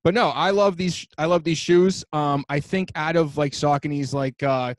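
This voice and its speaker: A man's voice: fairly high pitch, fairly even intonation, normal speed, no room sound. A man co-hosting a podcast in a loose casual chat, swearing and slangy. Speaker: podcast co-host. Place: New York.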